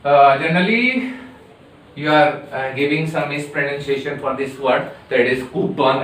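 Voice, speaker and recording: A man with an Indian English accent teaching pronunciation, repeating each word slowly and deliberately like a classroom drill. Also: a little high, a bit bright, a little hiss or hum. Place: classroom or coaching centre. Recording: echoey room, voice from a distance.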